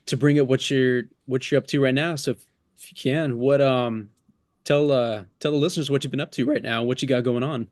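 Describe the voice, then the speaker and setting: A man's voice: mid-range voice, steady tone, a little fast, darkish tone, no room sound. Casual male podcast host, dry sound. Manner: loose, hesitant, with many fillers. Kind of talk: casual interview hosting.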